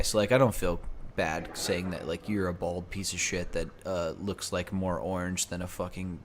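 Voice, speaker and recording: A young man hosting a podcast, chatting casually, animated and swearing, often mocking people. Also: deep voice, normal speed, a little hiss or hum. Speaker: podcast host. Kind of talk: casual chat.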